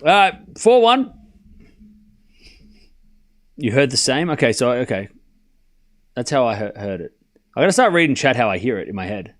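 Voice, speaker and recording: A man's voice: mid-range voice, expressive, a little fast. A man streaming a live tennis watchalong, mixing casual play-by-play with teasing replies to his chat. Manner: chatty, teasing, talks straight to his chat.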